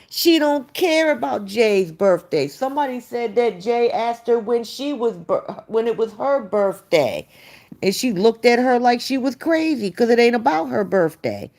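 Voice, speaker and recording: A woman's voice: medium pitch, darkish tone. A woman hosting a live stream, gossiping and answering chat comments in a casual, opinionated way. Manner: slow, gossipy, talks back to chat readers. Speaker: livestream host.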